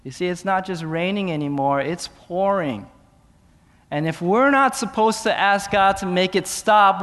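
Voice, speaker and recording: High-voiced male pastor preaching in a hall. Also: unhurried. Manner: expressive preaching, swings between hushed and raised. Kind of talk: sermon.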